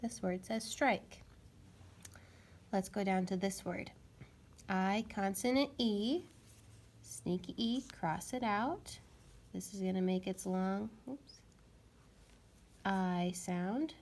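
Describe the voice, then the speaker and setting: Woman, phonics teacher, slow, patient, slightly gravelly, sounding out letters. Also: mid-range voice. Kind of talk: phonics lesson for young children.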